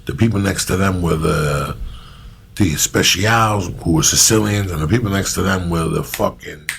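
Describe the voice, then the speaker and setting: Cuban-born podcast host, 50s, low and gravelly, swears freely, animated storyteller. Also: male voice, moderate pace, a little hiss or hum. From Cuba. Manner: profane, animated storyteller who mimics people. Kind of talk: casual storytelling chat.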